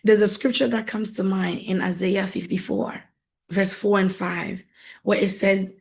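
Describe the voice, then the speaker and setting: Animated woman coaching with faith talk. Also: medium pitch, measured pace, creaky, slightly rough. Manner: animated, laughs often, acts out quoted voices; repeats phrases for emphasis. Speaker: marriage coach. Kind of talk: faith-based teaching monologue.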